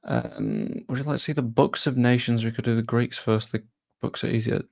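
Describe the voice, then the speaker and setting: A man hosting a football channel, chatting casually as he answers viewer questions with quick asides. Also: mid-range voice, fairly even intonation, vocal fry, a little mellow. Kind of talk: casual live-stream Q&A.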